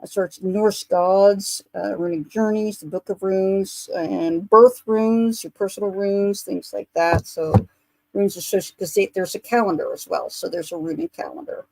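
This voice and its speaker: A woman psychic medium giving a spiritual rune reading on a livestream, explaining steadily with filler pauses. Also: medium pitch, vocal fry, a little mellow, dry recording, poor audio.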